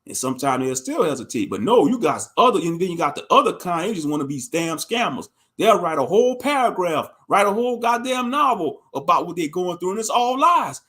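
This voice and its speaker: A man's voice: sits high, big pitch swings, a little fast, hardly any pauses, fairly bright tone. A man in his thirties giving a profane, mocking, rambling commentary on a livestream. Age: 30s.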